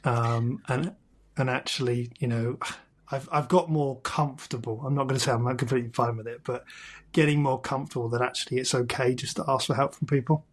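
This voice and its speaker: A man's voice: mid-range voice, fairly even intonation, brisk. A man co-hosting a podcast, sharing personal experiences candidly with a hesitant, searching way of talking. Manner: candid, hesitant, many fillers and restarts. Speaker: podcast co-host. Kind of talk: casual podcast conversation.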